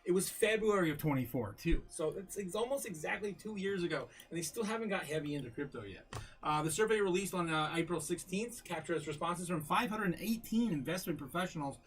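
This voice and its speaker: A man's voice: high-pitched, expressive, brisk. A man hosting a casual livestream, laughing often and rambling through fillers and restarts. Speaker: crypto livestream host.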